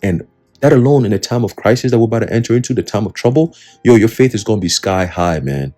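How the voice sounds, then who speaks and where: A man giving casual, street-style Bible teaching in slangy, profane talk, often pausing to ask his listeners "right?". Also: lowish voice, animated, mellow, soft background music. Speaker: preacher.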